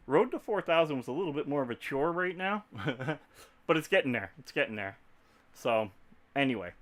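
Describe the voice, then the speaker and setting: A man's voice: medium pitch, a bit bright, clear, resonant tone. A man from Texas with a Texan accent, chatting casually to viewers on a livestream, rambling and laughing easily. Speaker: YouTube creator.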